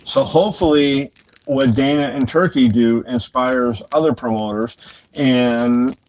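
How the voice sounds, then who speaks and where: A middle-aged man, a boxing journalist, telling long anecdotes in a relaxed, rambling way with many fillers. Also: mid-range voice, unhurried. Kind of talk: conversational storytelling. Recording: slightly dull lo-fi sound with faint noise.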